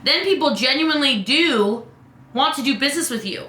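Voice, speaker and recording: A woman coach talks in a live Q&A with a high, bright, sharp voice. Her chat is playful and sassy, full of "like" and "okay?". The sound rings in an echoey room. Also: animated, moderate pace. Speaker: business coach. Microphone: webcam.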